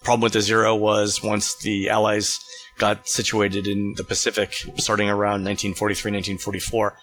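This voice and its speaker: A man hosting a casual talk show, explaining things in a relaxed way with fillers and restarts. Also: on the low side, brisk, soft background music. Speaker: podcast host.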